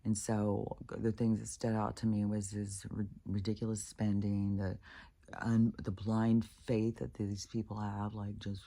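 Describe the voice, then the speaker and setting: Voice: mid-range voice, flat delivery, measured pace, vocal fry, dark tone. A spiritual vlogger ranting in a loose, rambling monologue, swearing often and restarting sentences, with laughs between sentences. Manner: profane, ranting, full of fillers and restarts.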